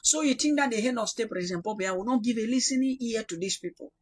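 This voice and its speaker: A young Cameroonian man from the Northwest preaching a prophetic sermon, swinging from loud rebuke to quiet prayer. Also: extremely high pitch, fast talker, husky. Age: young adult.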